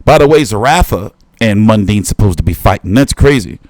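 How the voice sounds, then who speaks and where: A man's voice: lowish voice, expressive, brisk, a little mellow. A man hosting a boxing talk stream, swearing a lot and rambling as he reacts to clips and talks back to his viewers. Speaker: boxing commentary host. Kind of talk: casual reaction commentary.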